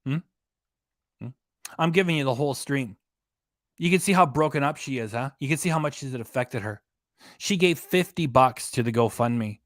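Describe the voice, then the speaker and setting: A man's voice: medium pitch, animated, moderate pace, long pauses, fairly bright tone, no echo, clean studio sound. A man hosting a reaction channel, talking over a livestream with mocking, profane, scornful commentary.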